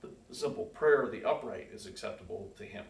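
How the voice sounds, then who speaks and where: Male Bible class teacher, casual and questioning, low-ish voice, distant mic in a roomy space. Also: quick pace, gravelly. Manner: conversational, reads verses aloud with emphasis, asks the class questions. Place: church classroom. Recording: echoey room, far from the mic, faint hiss.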